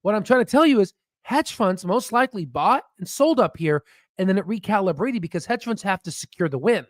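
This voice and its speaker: A man hosting a stock market livestream, talking in excited bursts, laughing often and checking in with "right?". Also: high-pitched, brisk, no echo, studio quality. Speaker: stock market channel host. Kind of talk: excited casual livestream commentary.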